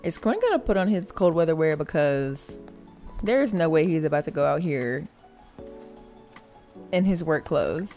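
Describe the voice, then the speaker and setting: A woman's voice: low voice, expressive, moderate pace, long pauses, warm tone. A young woman giving chatty, giggly commentary on her game, talking to viewers as y'all. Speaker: gaming channel host. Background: game music.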